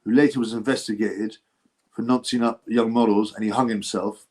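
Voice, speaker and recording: A boxing channel host runs a casual livestream, rambling from topic to topic with plenty of fillers and chuckles. His lowish voice is steady, slightly mellow, and a little fast.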